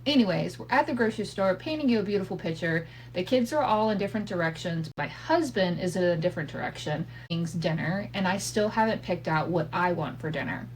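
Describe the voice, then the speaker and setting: A woman's voice: on the low side, expressive, brisk, hardly any pauses, poor audio. A woman in her thirties hosting a podcast, telling a family story in a candid, profane way with asides and laughs. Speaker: podcast host. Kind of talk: casual storytelling monologue. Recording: faint hum from a home setup.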